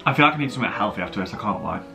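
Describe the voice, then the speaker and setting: A man's voice: fairly low pitch, lively intonation, rapid-fire, gravelly. A young man chatting playfully to the camera while cooking in his home kitchen for a food vlog. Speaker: vlogger. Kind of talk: casual food vlog chat. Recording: roomy, distant, over background music.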